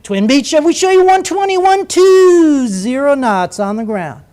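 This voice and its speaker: A polite male air traffic controller with a smooth sing-song radio lilt, put on by an older man telling a story. The voice rides well above his usual pitch, slow and carried. Courteous and unhurried. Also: lively intonation, a little mellow.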